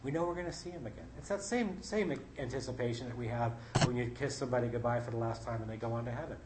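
A man's voice: medium pitch, fast, darkish tone, slight background noise. Folksy man preaching in a roomy hall. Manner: conversational, folksy, reads scripture aloud. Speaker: Bible study leader. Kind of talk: informal sermon. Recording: roomy with faint ambience.

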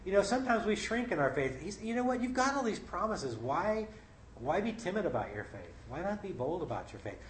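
A man's voice: high-pitched, very animated, brisk, a little hiss or hum. A middle-aged man giving an informal sermon in a conversational, folksy way, reading scripture aloud between his own remarks. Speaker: Bible study leader. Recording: roomy with faint ambience.

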